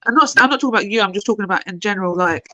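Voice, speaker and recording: A guest on a live online panel speaks quickly and bluntly, often with a mocking tone. The voice is recorded close and dry. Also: medium pitch, bright, forceful tone, no room sound, rough recording.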